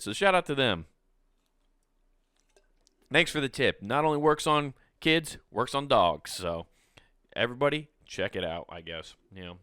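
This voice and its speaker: A man's voice: mid-range voice, a bit bright, clean tone, no room sound, studio quality. A man hosting a solo podcast, talking in a rambling, jokey way, laughing often and swearing now and then. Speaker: podcast host. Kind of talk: casual solo podcast chat.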